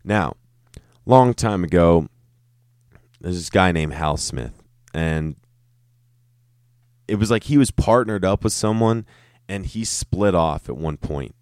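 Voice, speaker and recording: A man's voice: sits low, expressive, takes it slowly, pauses often, a little mellow, no echo, studio quality. A man telling a casual, profane, rambling story about his years working as a restaurant server. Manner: rambling, self-interrupting, laughing asides.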